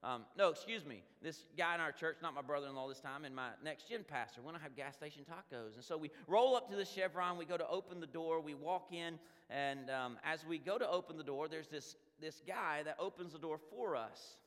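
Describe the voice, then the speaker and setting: A middle-aged man preaching a conversational sermon as a pastor, telling stories with animated energy and many asides. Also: fairly high pitch, a little fast, few pauses. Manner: animated storytelling with frequent "man" and restarts. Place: church sanctuary. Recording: long hall reverb in a church.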